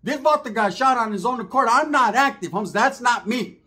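A man's voice: extremely high pitch, animated, a little fast, bright, forceful tone. A man telling a profane comic street story and acting out the voices of the people in it. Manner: acts out quotes in shifting voices, slangy and profane. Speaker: storyteller comedian.

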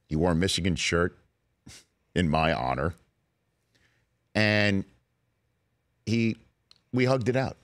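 A man's voice: sits low, dry recording. A man in his forties hosting a sports talk show, telling an earnest, sometimes emotional story in casual studio chat. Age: 40s. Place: radio studio.

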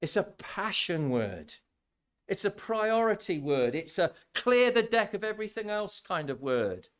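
Male preacher, slightly high voice, very lively delivery; sermon in church, chatty and emphatic. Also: unhurried. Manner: animated, conversational, repeats words when building a point.

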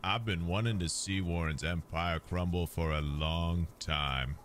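An actor playing a male demolitions expert in a horror video game, speaking in an even, businesslike way. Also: low voice, measured pace. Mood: plain. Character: gruff adult male demolitions expert, resentful.

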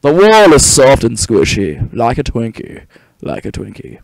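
Brief: gamer doing a low, unhurried old-man narrator voice, mock-serious, a little gravelly. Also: wildly swooping pitch, no room sound, heavily acted, rough recording. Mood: mock solemn. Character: slow deep-voiced older male narrator impression.

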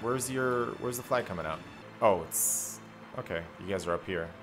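A man giving chatty, excitable commentary while he plays an online battle game, joking and calling "dude" and "man" often. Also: fairly low pitch, moderate pace, background noise. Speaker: gameplay streamer. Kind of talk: live gameplay commentary. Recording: game music behind the voice.

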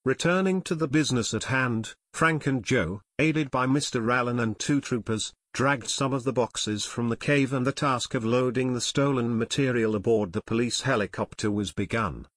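A man narrating an unabridged audiobook in a measured, steady way. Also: medium pitch, no echo, studio quality. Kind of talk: scripted narration.

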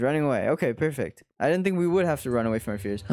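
A man's voice: medium pitch, animated, racing, darkish tone, faint music behind. A young man streaming a video game, chatting and mocking himself as he plays. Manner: self-mocking, exclaims often. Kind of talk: gaming commentary. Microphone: desk mic.

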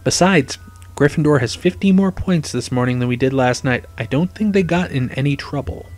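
A man voicing a cheeky, excitable teenage schoolgirl who teases her friend. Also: mid-range voice, normal speed, natural voice. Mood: teasing. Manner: excitable and teasing.

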